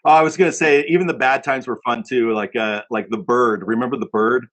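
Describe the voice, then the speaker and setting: A man's voice: mid-range voice, a little fast, fairly bright tone, low-quality recording. A man in a casual band chat, retelling tour stories with lots of repeats and acted-out quotes. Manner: rambling, repeats phrases, acts out quotes. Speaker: band member. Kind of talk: casual storytelling among bandmates.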